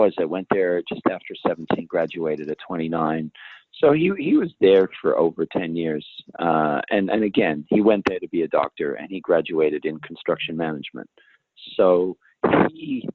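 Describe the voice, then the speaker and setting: A man's voice: sits low, dry recording. A man telling stories as an interview guest, rambling and restarting his sentences. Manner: rambling, self-interrupting, laughs along. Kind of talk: casual storytelling in an interview. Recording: phone-like, dry call audio.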